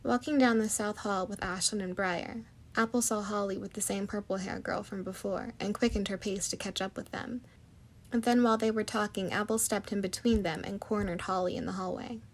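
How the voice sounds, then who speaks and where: Woman, story narrator, gravelly, mid pitch, steady, descriptive. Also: fairly quick. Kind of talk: storybook reading of fan fiction.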